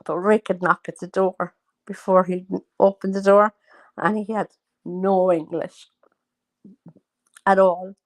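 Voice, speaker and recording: A woman's voice: mid-range voice, little pitch movement, slow, long pauses, no echo. A woman chatting casually at home, rambling through stories with plenty of fillers. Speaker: host. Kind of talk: casual chat.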